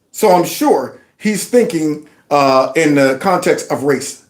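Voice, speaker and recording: A man's voice: fairly high pitch, expressive, slow. A man hosting a casual opinion commentary show, emphatic and given to repeating his phrases. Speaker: commentary channel host.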